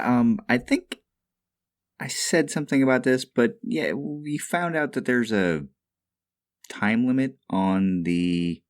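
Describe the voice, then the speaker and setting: A man hosting a casual podcast, easygoing and full of fillers. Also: fairly low pitch. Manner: easygoing, with many "uh" fillers and chuckles. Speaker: podcast host.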